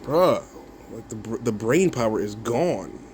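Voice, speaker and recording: Guy ranting back at comments, mid-pitched, scoffing and profane, laughs a lot, faint hum behind. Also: expressive, measured pace, a little mellow. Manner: mocking, laughs often, swears, repeats himself. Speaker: content creator replying to comments. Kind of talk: casual video rant.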